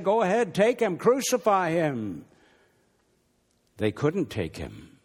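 A man preaching a sermon, reading verses aloud and driving points home with deliberate repetition. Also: a little high, in a large hall. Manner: slow, deliberate Bible exposition with emphatic repetition.

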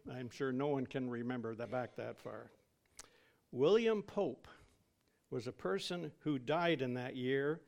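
A male preacher delivers a solemn sermon in a fairly high voice with a gravelly edge. He takes his time, unhurried and deliberate, and stretches out words for dramatic weight.

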